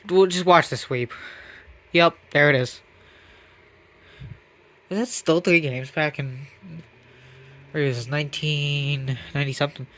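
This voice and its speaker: Young male gaming commentator, slightly high voice, rambling and self-mocking, casual roster reads. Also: fairly bright tone.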